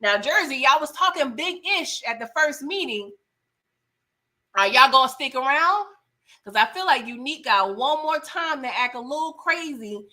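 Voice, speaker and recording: A woman hosting a casual live-stream TV recap, animated and laughing as she talks back to the characters. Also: high-pitched, normal speed. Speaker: TV recap host.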